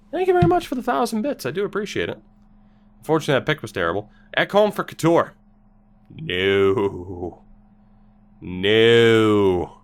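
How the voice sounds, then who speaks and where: A man's voice: mid-range voice, fairly bright tone. A man streaming a hockey video game, muttering sarcastic commentary to himself and talking back to his viewers' chat. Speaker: gaming streamer.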